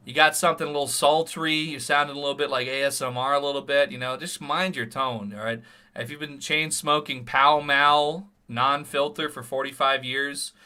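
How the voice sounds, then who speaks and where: A man's voice: medium pitch, pushed and bright. A male streamer giving rambling live-stream commentary full of crude jokes.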